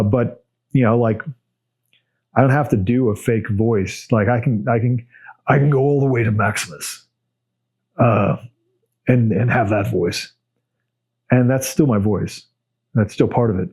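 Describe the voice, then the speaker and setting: A middle-aged man hosting a podcast answers viewer questions in a casual solo monologue, his lowish voice mellow. He's plain, blunt, unhurried, and off the cuff, with plenty of fillers and restarts.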